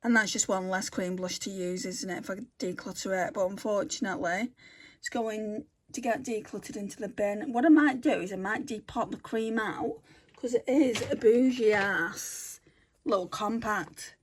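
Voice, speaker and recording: A woman's voice: medium pitch, normal speed. A woman chatting casually as she swatches makeup for a beauty vlog, thinking aloud and correcting herself as she goes. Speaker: beauty vlogger.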